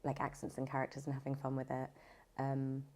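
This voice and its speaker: A British woman voiceover artist talking in a podcast interview, chatty and animated with lots of fillers. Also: rumbling low, a little fast. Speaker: voiceover artist and audiobook narrator.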